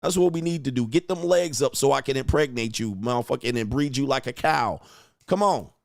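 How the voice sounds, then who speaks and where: A man's voice: medium pitch, brisk, creaky, no room sound, clean studio sound. A man hosting a livestream as a coach, ranting in a profane, mocking way and laughing at his own jokes. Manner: profane, mocking, emphatic rant. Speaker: host, relationship coach. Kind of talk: livestream commentary rant.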